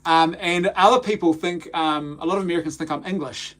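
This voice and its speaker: A man's voice: fairly high pitch, fairly even intonation, fairly quick, a bit bright. A man from New Zealand with a New Zealand accent, hosting a casual live-stream chat and talking animatedly, often restarting and repeating words. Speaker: host of a film talk stream.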